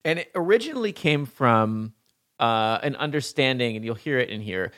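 A man's voice: medium pitch, animated, fairly bright tone. Eager male podcast host from Montana. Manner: enthusiastic, encouraging, quick bursts. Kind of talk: casual podcast interview.

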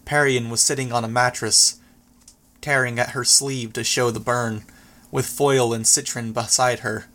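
Male audiobook narrator, steady reading. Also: mid-range voice, unhurried. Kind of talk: first-person audiobook narration.

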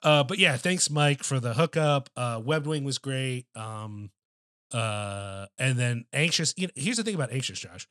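A man's voice: mid-range voice, lively intonation, unhurried, pushed and bright, no echo, studio quality. A man co-hosting a podcast in casual chat, telling a loose, profane story with lots of filler words. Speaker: podcast co-host.

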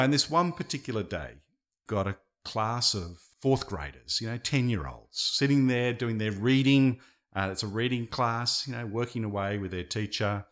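Aussie podcast guy telling a story, lively up and down voice, bright tone. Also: medium pitch. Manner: animated, dips and swells in loudness while telling a story. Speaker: podcast co-host. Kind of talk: conversational storytelling.

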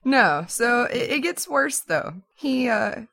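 A woman casually telling a story in a chatty, animated way, with lots of "like" and "so". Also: fairly high pitch, slow, vocal fry.

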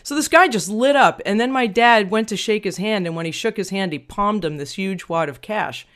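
A middle-aged woman from Long Island, a guest auctioneer, telling a personal story in an interview with animated expression. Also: mid-range voice, normal speed. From Long Island, New York.

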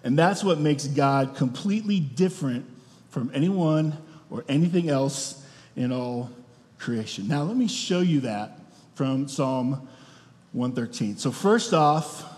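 A man's voice: medium pitch, expressive, takes it slowly, a little mellow. A man preaching a sermon as pastor, talking in a conversational way and often checking in with the room. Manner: conversational, asks the room questions. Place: church hall. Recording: long reverb of a church hall.

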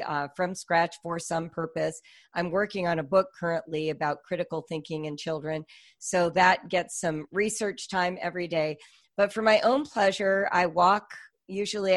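A middle-aged woman, a guest author on a podcast, speaking thoughtfully and telling stories expressively. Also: fairly low pitch. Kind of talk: podcast interview.

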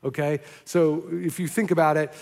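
A man preaching a sermon to his church as pastor, telling stories in an animated way with quick restarts. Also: on the high side, vocal fry. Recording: long hall reverb.

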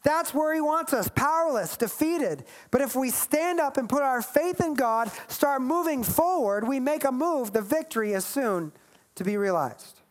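A woman delivers a sermon, reading scripture and adding emphatic, lighthearted asides. Her voice sits somewhat high for a woman. She presses her points with repetition. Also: expressive, moderate pace. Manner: emphatic, playful asides, reads scripture aloud. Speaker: preacher.

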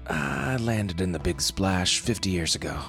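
A man's voice: sits low, animated, measured pace, vocal fry, fairly bright tone, faint music behind, heavily acted. A man doing a laid-back alien beach hermit. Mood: amused. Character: mellow stoner alien beach hermit, male. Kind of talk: audiobook character voice.

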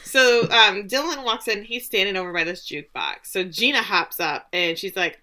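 Bright-voiced woman podcast co-host. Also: mid-range voice, moderate pace, hardly any pauses. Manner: joking and conversational. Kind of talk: casual chat.

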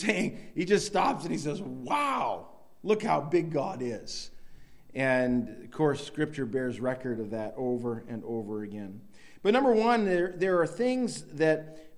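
A man's voice: fairly high pitch, darkish tone. A middle-aged man preaching a sermon in a loose, conversational way, with many restarts and sudden emphatic bursts. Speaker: pastor.

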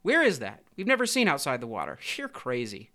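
A crowd of vain little tadpoles, boastful and mocking, their voices jumping higher, as a man reads them. A storybook reading with sneering childish creatures. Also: wildly swooping pitch, brisk, sharp tone, exaggerated voice. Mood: scoffing.

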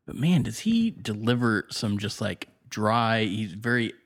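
A man's voice: lowish voice, lively intonation, unhurried. A man co-hosting a podcast, chatting casually about a movie with a wry, joking manner.

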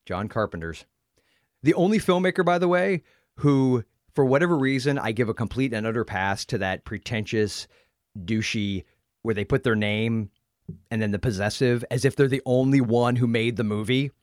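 A man's voice: mid-range voice, moderate pace, no echo, studio quality. An American man hosting a podcast in casual chat, joking and laughing often. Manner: jokey, laughs often, bursts into silly voices. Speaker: podcast host.

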